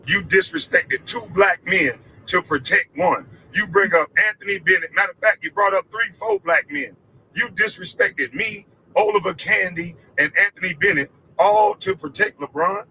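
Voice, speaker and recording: A man's voice: sits high, expressive, moderate pace, vocal fry, bright, forceful tone, slight background noise, rough recording. A former basketball player in a heated, scornful rant, taunting the man he is addressing. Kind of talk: angry rant.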